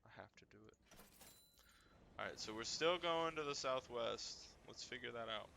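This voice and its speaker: A man casually playing a video game, reacting excitably and reading the game's text aloud to viewers. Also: mid-range voice, moderate pace, creaky, slight background noise. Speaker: game streamer.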